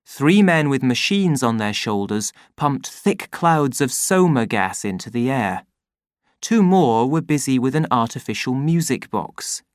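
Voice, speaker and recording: A man reading an audiobook as narrator, slow and expressive. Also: medium pitch, no echo, studio quality.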